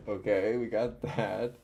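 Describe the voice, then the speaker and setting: A young man live-streaming himself learning to code, muttering and reading code aloud as he types, hesitant and full of pauses. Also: lowish voice, gravelly, warm tone.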